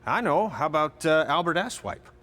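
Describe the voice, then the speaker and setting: A man's voice: a little high, expressive, normal speed, bright, forceful tone. An actor voicing a sardonic veteran male wrestling trainer who teases his students. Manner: sarcastic, teasing. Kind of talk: video game cutscene acting.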